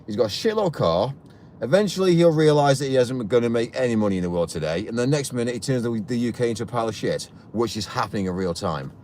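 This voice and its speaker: A man's voice: mid-range voice, lively intonation, fast, a little mellow, slight background noise. A man hosting a live stream from a vehicle, ranting heatedly and repeating himself. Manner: heated, indignant, repetitive ranting.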